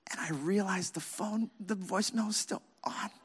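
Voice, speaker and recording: A man preaching as a pastor, telling a self-mocking personal story with lively, animated delivery. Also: sits high, moderate pace, noisy background. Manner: animated, self-mocking, acts out his own past shouting. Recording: reverberant hall.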